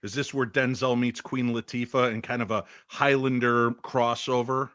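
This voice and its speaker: A man's voice: medium pitch, level tone, moderate pace, a bit bright. A man co-hosting a podcast, chiming in with dry jokes in casual chat. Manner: dry joking asides. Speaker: podcast co-host.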